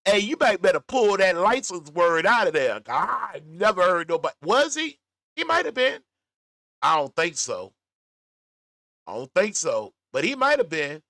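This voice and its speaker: A man hosting a reaction stream, stopping the clip again and again to weigh in. His voice is bright and lively, swinging up and down in pitch. The sound is dry and close. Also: no echo. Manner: animated, keeps pausing the clip. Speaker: commentary channel host. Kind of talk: reaction commentary on a played call.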